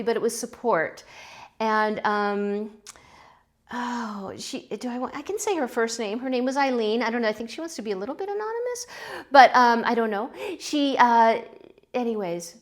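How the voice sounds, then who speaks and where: A woman's voice: fairly high pitch, animated, moderate pace. A middle-aged woman hosting a pottery channel, chatting casually as she unloads a kiln, gushing with gasps and little exclamations. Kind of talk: casual kiln-opening vlog chat.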